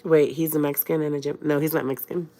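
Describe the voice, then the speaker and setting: Young woman, lowish voice, slightly under the weather; casual, dramatic storytime talk straight to her viewers. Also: level tone, fast, mellow. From Fresno, California. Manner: chatty, dramatic, addresses viewers directly. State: has a cold. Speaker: vlogger.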